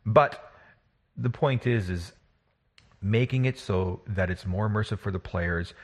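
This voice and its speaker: Husky man, rambling chat. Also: on the low side, measured pace. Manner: rambling, restarts often, laughs while talking. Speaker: podcast co-host and game master. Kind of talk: casual chat.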